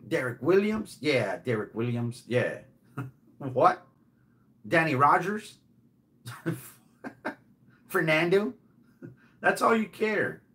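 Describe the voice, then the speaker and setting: Middle-aged guy ranting slow, mocking and heated, voice jumps all over. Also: a little high, very animated, fairly bright tone. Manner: heated, mocking, swears freely, repeats himself. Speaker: channel host. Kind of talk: angry rant video.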